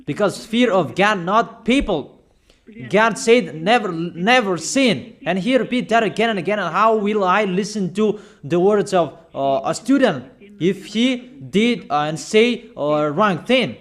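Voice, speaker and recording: A man with a fairly high voice delivers a sermon, hammering his points home and repeating them. His English is halting, with fillers and non-native phrasing, and he keeps turning questions on his listeners. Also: expressive. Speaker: preacher.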